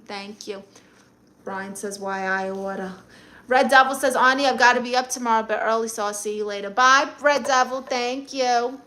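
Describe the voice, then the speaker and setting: Brooklyn lady on a phone live stream reading chat, sassy and brash, bright sharp voice a bit high. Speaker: livestream comedian.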